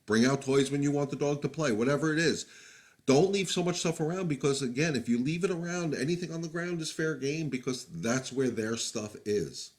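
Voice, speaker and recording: A man's voice: a little high, animated, a little fast. A man, a dog trainer, answering viewer questions on a live stream in a candid, plain-spoken way with many fillers and restarts. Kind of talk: live-stream Q&A, casual advice.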